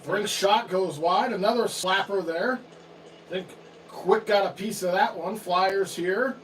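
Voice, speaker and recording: A man co-hosting a livestream, giving relaxed play-by-play calls of a hockey game, swearing casually and chatting with his co-host. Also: high voice, a little slow. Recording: distant mic with faint background noise.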